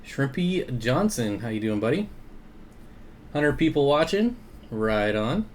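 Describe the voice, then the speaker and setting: A man's voice: medium pitch, sing-song, slow, a little hiss or hum. A man hosting an aquarium livestream in easygoing, casual chat. He reads viewer comments aloud, greets people by name and chuckles often.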